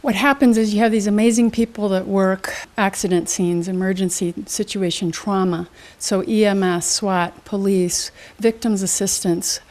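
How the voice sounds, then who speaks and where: A woman's voice: mid-range voice, fairly even intonation, moderate pace, few pauses, darkish tone. Emphatic woman motivational speaker. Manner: emphatic, teacherly, asks quiz questions. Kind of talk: interview guest. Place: studio.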